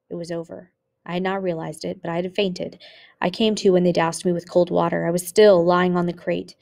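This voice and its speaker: A woman teacher reads a memoir aloud for her students in a low voice with a gravelly edge. Her reading is expressive, lifting on exclamations and dropping quiet on grim moments. The delivery is steady and clear. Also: moderate pace.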